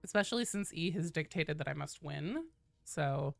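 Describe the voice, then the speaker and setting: Woman game streamer, lively pitch, playful and profane, reads chat aloud. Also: normal speed, vocal fry, soft background music. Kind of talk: casual live-stream chat while gaming.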